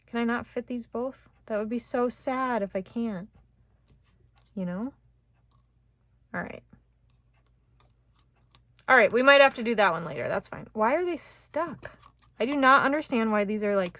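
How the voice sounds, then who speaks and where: A woman's voice: a little high, animated, moderate pace, long pauses, fairly bright tone, no room sound. Chatty woman thinking aloud while crafting. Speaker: card-making instructor. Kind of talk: casual craft tutorial chat.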